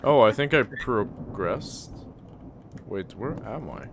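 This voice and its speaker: A man's voice: medium pitch, lively intonation, slow, gravelly, a bit bright, slight background noise. A young man hosting a casual co-op game session, playful, counting things aloud and repeating jokes. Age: young adult. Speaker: channel host. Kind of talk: casual gaming chat.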